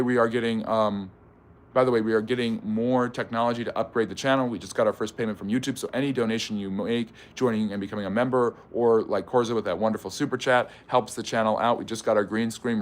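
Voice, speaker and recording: A man's voice: on the low side, fairly even intonation, fast. A man hosting a live history stream, reading viewer questions aloud and answering them in a chatty way. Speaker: history channel host.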